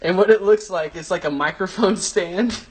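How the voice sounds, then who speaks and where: Giggly, higher-pitched podcast guy. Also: moderate pace, slightly rough. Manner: laughs often, rambling and playful. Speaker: podcast co-host. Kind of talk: casual banter. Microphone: wireless mic.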